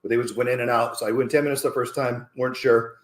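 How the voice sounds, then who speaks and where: A man's voice: mid-range voice, fairly even intonation, fast talker, echoey room. A man hosting a casual cooking segment as a fitness coach, chatty and upbeat, thinking aloud with fillers. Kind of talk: casual cooking show chat.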